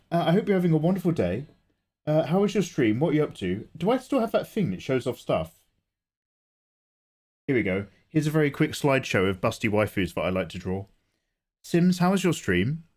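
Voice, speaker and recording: Casting: english male streamer, lively sing-song delivery, chatty and self-mocking. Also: mid-range voice, slightly rough. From England. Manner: chatty, greets viewers, self-deprecating jokes. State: sleepy, low energy. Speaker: livestream host, illustrator. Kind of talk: casual livestream chat.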